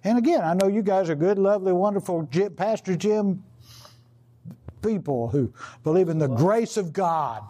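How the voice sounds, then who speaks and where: A man's voice: high-pitched, animated, moderate pace, warm tone. An older man preaching a sermon in a rambling, conversational way, full of "you know" and restarts. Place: outdoor gathering.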